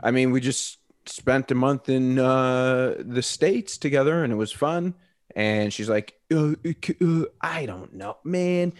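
A man's voice: mid-range voice, measured pace, no room sound, clean studio sound. A man on a podcast talking casually, hesitating and trailing off as he speaks. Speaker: podcast co-host. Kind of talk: casual chat.

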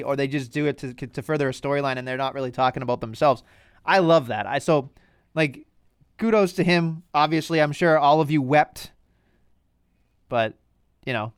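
A man's voice: fairly high pitch, clear, resonant tone, no room sound, clean studio sound. A man co-hosting a podcast in casual chat, ranting animatedly and swearing freely. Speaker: podcast co-host.

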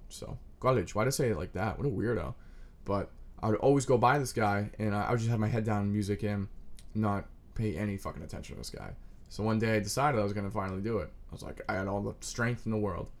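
Talking fast in a fairly low voice, a twentysomething guy delivers a scattered, crude stand-up-style riff full of self-mockery and abrupt shouting.

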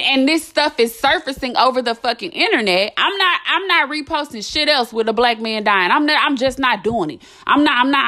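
A woman's voice: high-pitched, sharp tone. A young adult woman hosting a podcast, delivering a blunt, impassioned monologue full of swearing and emphatic repetition. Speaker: podcast host.

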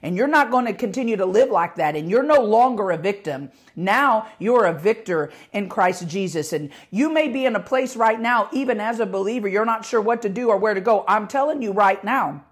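A middle-aged woman pastor preaching with passion, her voice growing louder as she gets excited. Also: mid-range voice, normal speed, hardly any pauses. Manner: passionate, rising volume when excited. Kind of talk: podcast sermon.

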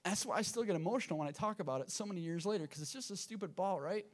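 Earnest pastor preaching a sermon. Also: male voice, high-pitched, expressive, racing. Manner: earnest storytelling with emphatic repetition. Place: church sanctuary.

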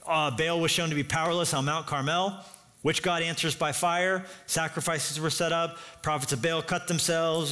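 A man's voice: a little high, steady tone, normal speed, sharp tone. A man preaching a sermon as pastor, telling the story with energy and acting out the voices himself.

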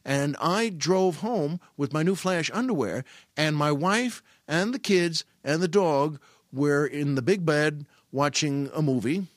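A man's voice: on the high side, a little slow, dry recording, studio quality. A middle-aged man telling a funny family story in casual monologue, self-mocking and full of restarts. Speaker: podcast host.

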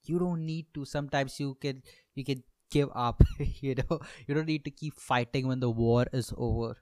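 A man's voice: mid-range voice, fairly even intonation, normal speed, a little mellow, smooth, no room sound. A young man hosting a comedy podcast, rambling through a monologue with self-mocking asides and lots of swearing.

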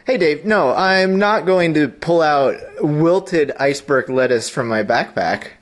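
A man in casual chat, joking in a deadpan way. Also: on the high side, measured pace. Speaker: panelist.

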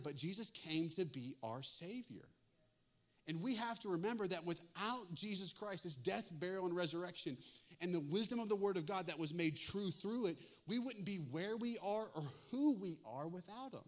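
A man preaching a sermon, animated and acting out comic asides with lively swings in energy. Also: a little high. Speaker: pastor.

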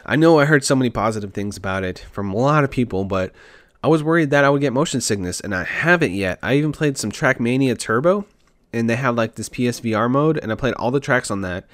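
A man's voice: medium pitch, animated, fast talker, dry recording. A man hosting a podcast in casual chat, talking enthusiastically in a rambling, slangy way.

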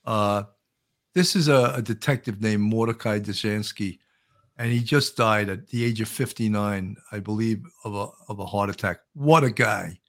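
A man's voice: fairly low pitch, moderate pace. New man, talk show host, earnest and conversational, a few filler sounds. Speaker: host, retired police officer. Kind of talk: casual chat.

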